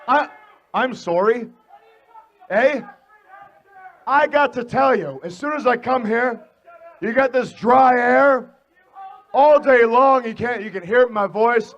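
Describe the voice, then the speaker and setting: A man cutting a wrestling promo, brash and taunting, shouting insults at the crowd. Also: very high-pitched, unhurried, pauses often, highs cut off. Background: arena crowd.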